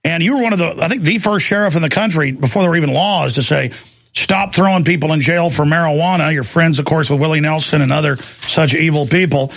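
A man hosting a talk radio show, ranting in a rambling, animated way. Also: on the high side, quick pace, hardly any pauses, no echo. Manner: animated, rambling, acts out quoted voices. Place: radio studio.

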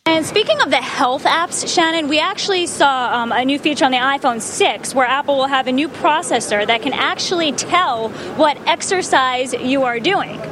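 A woman's voice: sits high, animated, normal speed, hardly any pauses, background noise. A woman TV news reporter chatting lightly in a news segment played as a clip. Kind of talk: TV news chat.

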